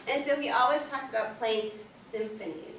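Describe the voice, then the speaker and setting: A bright, fairly high-voiced woman librarian chats through a workshop talk, animated and full of "um"s and "like"s. She sounds set back from the mic in an echoey library meeting room with a faint hiss of noise behind her. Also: normal speed, recorded from a distance. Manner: chatty, animated, lots of fillers like "um" and "like". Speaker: children's librarian presenting at a workshop. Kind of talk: casual workshop presentation.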